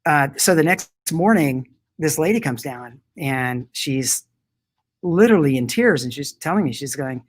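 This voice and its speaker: A man's voice: on the high side, animated, unhurried. A man talking as a guest in an interview, enthusiastic and rambling, with many restarts. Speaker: product company founder, guest. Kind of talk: casual interview talk.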